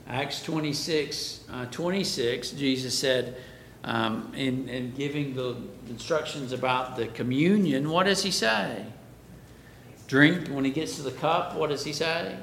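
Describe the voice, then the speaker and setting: A man preaches a Bible class sermon in a slightly slow, somewhat bright voice, asking the class questions and then answering them himself. The recording has an echoey room and a faint background rumble.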